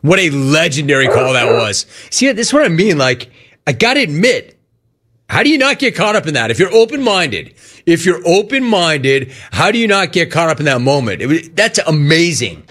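A man hosting a sports talk show, riffing and joking with animated energy. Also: fairly high pitch, fairly quick. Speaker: sports radio host.

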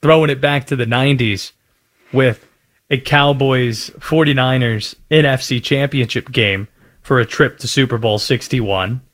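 A man's voice: mid-range voice, unhurried. A man hosting a sports talk radio show, ranting playfully about team colors in a studio. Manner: animated, playful rants.

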